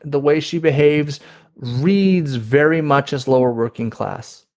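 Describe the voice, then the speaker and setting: Man explaining in a relaxed podcast chat. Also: a little high, measured pace. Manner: explanatory, with many restarts and quoted retellings. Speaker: podcast guest. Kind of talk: conversational interview.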